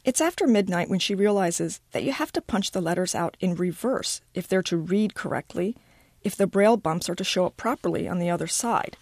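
A woman reading a short story aloud with expressive, animated storytelling. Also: fairly low pitch, fairly quick, no room sound, clean studio sound. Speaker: reader.

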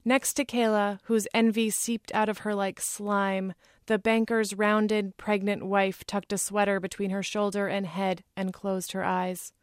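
A woman author reading a passage from her own novel in a measured, unhurried literary manner. Her mid-pitched voice is recorded close and dry, with no echo of the room. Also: flat delivery.

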